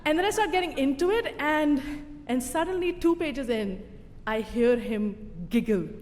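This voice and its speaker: A young adult woman telling a personal story live on stage, animated and self-mocking, with a conversational tone and pauses for laughs. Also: high voice, slight background noise. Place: stage in a venue with a live audience. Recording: reverberant hall, faint room ambience.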